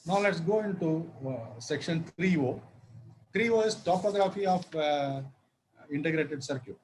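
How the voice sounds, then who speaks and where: Halting male law lecturer. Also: a little high, animated, a little hiss or hum, rough recording. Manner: halting, many fillers and restarts, spells words out.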